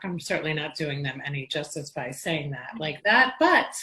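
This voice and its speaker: A woman's voice: deep voice, expressive, moderate pace, pushed and bright, poor audio. A woman from Long Island, New York, hosting a casual interview, chatty and telling stories with frequent restarts. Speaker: podcast host.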